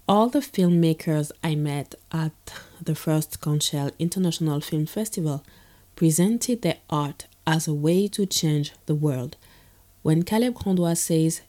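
A low, mellow-voiced woman from the Caribbean reads her film commentary from a script. She sounds reflective and earnest and keeps a measured pace.

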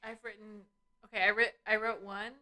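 A woman's voice: mid-range voice, flat delivery, moderate pace, pushed and bright. A sleepy teenage girl co-hosting a casual chat, hesitant and often restarting. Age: teens. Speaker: co-host.

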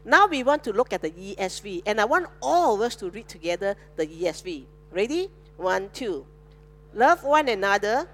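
A woman pastor, preaching a sermon with animated call-and-response to her congregation. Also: mid-range voice, brisk, few pauses.

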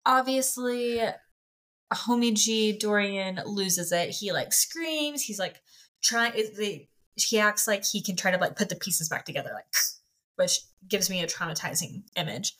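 A woman co-hosting a book podcast, retelling the plot in an animated, slangy, expressive way. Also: mid-range voice, measured pace. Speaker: podcast co-host. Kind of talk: casual book-club chat.

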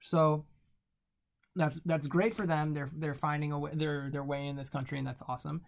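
A man's voice: on the high side, normal speed, creaky. Man telling a story in casual talk. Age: late 20s to 30s. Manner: relaxed, anecdotal, uses "right?" often.

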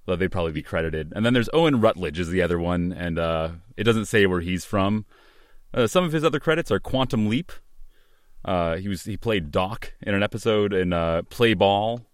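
A man with a very low voice talks over a film in a relaxed podcast chat. He hedges and restarts often, thinking aloud. The sound is dry and close. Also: normal speed, no room sound. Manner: thoughtful, hesitant, many restarts and fillers. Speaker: podcast co-host. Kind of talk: casual movie commentary chat.

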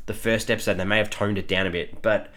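Low-voiced Australian man reviewing. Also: fairly even intonation, quick pace, fairly bright tone. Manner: chatty, with frequent chuckles and fillers. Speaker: podcast host. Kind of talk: casual solo review podcast.

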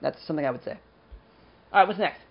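A man's voice: on the high side, lively intonation, fast, vocal fry, highs cut off. A man co-hosting a podcast in casual, jokey chat, laughing often. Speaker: podcast co-host.

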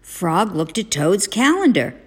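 A woman reading a children's storybook aloud as a parent, narrating gently and expressively. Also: medium pitch, very animated, unhurried, slightly rough.

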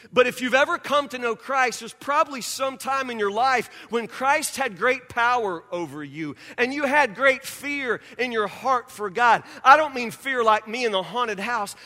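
A man preaching a sermon as pastor, telling a personal story in an animated way and acting out scenes, speaking in a church sanctuary. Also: extremely high pitch. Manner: animated storyteller, acts out scenes, drops to quiet intensity. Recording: reverberant hall.

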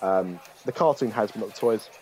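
A man's voice: lowish voice, a little fast, darkish tone. A young man co-hosting a podcast, talking casually and rambling a little, with plenty of hesitant fillers. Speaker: podcast co-host. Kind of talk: casual chat.

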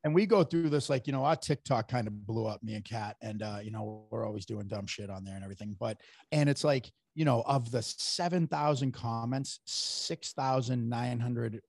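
A man talking as a podcast guest in a brash, profane, animated way. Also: medium pitch, moderate pace, dry recording, clean studio sound. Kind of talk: casual podcast chat.

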